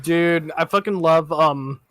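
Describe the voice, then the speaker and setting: A young man chatting as co-host, making deadpan jokes, swearing often and getting excited. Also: a little high, slow, dry recording. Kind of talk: casual chat on a live show.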